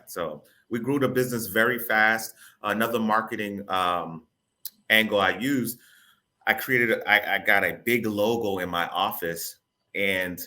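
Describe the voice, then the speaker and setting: A man from the Boston area, a real estate broker, telling his story as an interview guest in an animated, casual way, repeating words and using informal grammar. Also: lowish voice. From Boston area, Massachusetts.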